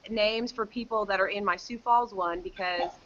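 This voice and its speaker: A woman's voice: mid-range voice, fairly even intonation, normal speed, a bit bright. A woman, a guest author, chatting casually and rambling on a video call. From South Dakota. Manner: chatty, rambling with restarts, mimics others' voices. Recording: slightly dull lo-fi call audio.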